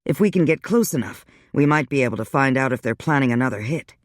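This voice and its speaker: A man voicing a weary, wry male vampire, speaking low and subdued in a dry audiobook reading. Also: expressive, fast talker, no echo, natural voice. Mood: steady.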